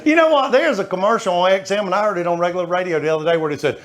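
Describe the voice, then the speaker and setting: A middle-aged man telling stories in a stand-up comedy set, animated and calling out to the audience. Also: high voice, very fast. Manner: animated, shouting asides to the audience. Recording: live show with faint crowd noise.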